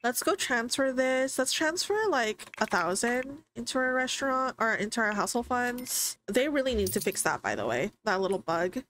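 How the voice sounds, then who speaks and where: High-voiced chatty woman streamer. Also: normal speed, few pauses, a little hiss or hum. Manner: chatty and excitable, voicing her sims' thoughts. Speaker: gaming streamer. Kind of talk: casual let's-play commentary.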